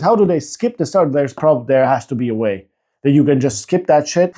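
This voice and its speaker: A man talks through a phone unboxing in a loose, casual way. His voice is warm and mellow, and he swears freely, rants in frustration and jokes at his own expense. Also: on the high side, animated, normal speed. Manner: exasperated, swearing, self-mocking rambling. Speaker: tech YouTuber.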